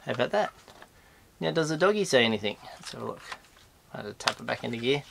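An Australian man hosting a casual unboxing vlog, his voice nasal and stuffy from a flu, bursting into excited squeals. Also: quick pace, creaky, noisy background. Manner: excitable, with sudden high squeals of delight. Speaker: host of a toy unboxing channel.

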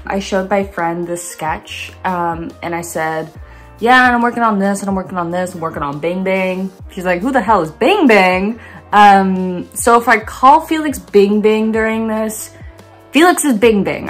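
A young woman films herself on a phone in her bedroom and chats about her painting in a loose, rambling way, full of playful asides. Her voice sits at a middling pitch. Soft music plays faintly underneath. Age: young adult. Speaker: art vlogger. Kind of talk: chatty painting vlog. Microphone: phone camera.

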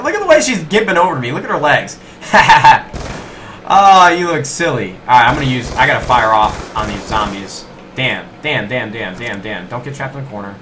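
A young man giving live gameplay commentary, animated and self-mocking, talking straight to his viewers. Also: medium pitch, slight background noise. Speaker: gaming YouTuber.

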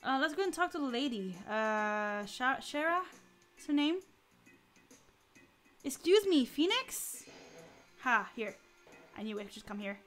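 A woman's voice: high-pitched, measured pace, pauses often, soft background music. Woman muttering game commentary. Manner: relaxed, quietly sarcastic asides. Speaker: gameplay streamer.

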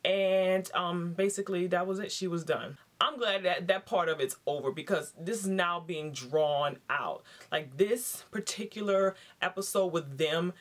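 A woman giving a casual, slangy episode recap, animated and laughing as she acts out what people said. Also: lowish voice, measured pace, few pauses. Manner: chatty, acts out quotes in raised voices. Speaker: TV show reviewer.

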